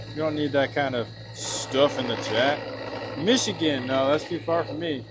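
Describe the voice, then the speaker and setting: A man's voice: a little high, unhurried, background noise. A man from Washington State, a blacksmith livestreaming from his workshop, chatting casually, laughing often, reading his chat aloud and answering it while he works. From Washington State, USA.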